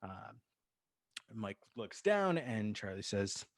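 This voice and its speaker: A man's voice: on the low side, sing-song, takes it slowly, dry recording. A man co-hosting a podcast, casually recapping a film with lots of fillers and laughter. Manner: rambling, laughs, acts out quoted lines. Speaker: podcast co-host. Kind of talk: casual movie recap chat.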